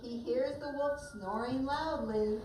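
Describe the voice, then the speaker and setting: A woman's voice: sits high, unhurried, a little mellow. A woman teacher narrating a story while directing children acting it out in a classroom. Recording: echoey room from far off, with noise.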